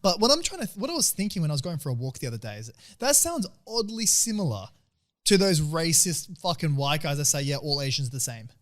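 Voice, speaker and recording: A man's voice: a little high, sing-song, fairly quick. A young man, co-hosting a podcast in a casual, swearing, laughing way. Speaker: podcast co-host. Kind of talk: casual chat.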